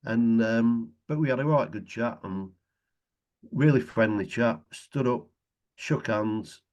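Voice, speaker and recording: A man's voice: medium pitch, takes it slowly, a little mellow, lo-fi sound. A middle-aged man chatting casually as a guest, telling anecdotes and chuckling often. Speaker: guest, retired footballer.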